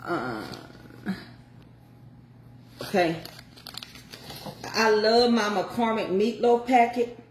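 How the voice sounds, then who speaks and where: A woman's voice: mid-range voice, expressive, very slow, pauses often, echoey room, a little hiss or hum. An older woman chatting folksily to viewers as she walks through a home recipe. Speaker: home cook showing a recipe. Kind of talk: casual cooking chat.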